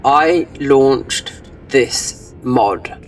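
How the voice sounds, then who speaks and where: A man's voice: mid-range voice, drawn-out words, distant mic, slight background noise, rough recording. Rambling man narrating gameplay. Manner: rambling, trailing off, many fillers. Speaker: gaming channel host. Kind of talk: casual gameplay commentary.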